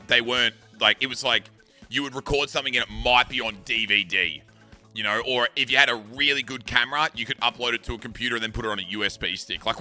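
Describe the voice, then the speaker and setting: A man in his thirties recounting an anecdote in a loose, animated way, with crude words slipped in throughout. His voice sounds piercingly bright and sharp, and faint music plays behind him. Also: mid-range voice. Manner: animated, swears, acts out shouts. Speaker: streamer. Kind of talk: casual storytelling.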